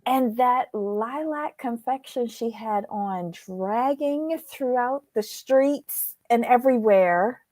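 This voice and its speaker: A woman's voice: on the high side, takes it slowly, few pauses, a little mellow, no echo. A woman co-hosting a casual recap chat, rambling with fillers and restarts as she goes through her takeaways. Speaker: podcast co-host.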